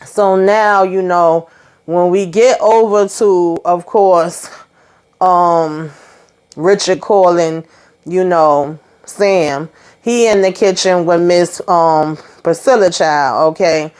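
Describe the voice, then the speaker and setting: A woman's voice: fairly low pitch, takes it slowly, darkish tone, smooth. A woman hosting a casual TV episode recap, chatty and rambling with lots of "you know" asides. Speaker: host.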